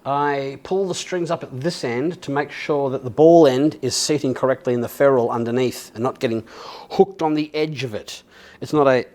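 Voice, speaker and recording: A man's voice: medium pitch, normal speed, darkish tone. A man with an Australian accent chatting casually and rambling as he restrings a guitar, self-mocking and swearing now and then. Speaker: vlogger.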